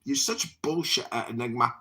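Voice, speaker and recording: A man's voice: medium pitch, normal speed, sharp tone. Ranting man in a put-on British accent. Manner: profane ranting and theatrical insults. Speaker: write-in political candidate. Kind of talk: heated voice chat room argument.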